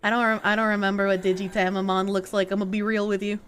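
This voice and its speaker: A woman's voice: medium pitch, little pitch movement, fast, a bit bright, clean tone, faint music behind. A young woman streaming a video game live, chatting casually and crudely with her viewers and joking as she plays. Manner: casual, profane, joking with chat.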